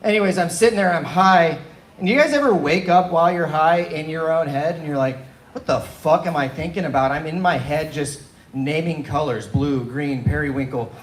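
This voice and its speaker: A man's voice: a little high, moderate pace, a little hiss or hum. Young man doing open mic stand-up. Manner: loose, animated storytelling with laughs. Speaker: stand-up comedian. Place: small bar and coffee venue. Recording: echoey live room.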